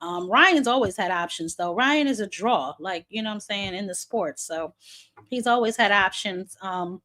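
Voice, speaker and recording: A woman's voice: mid-range voice, expressive, moderate pace, pushed and bright. A woman hosting a casual boxing chat, blunt and talkative, calling out to viewers and swearing offhand, a bit short of breath. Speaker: boxing commentary host.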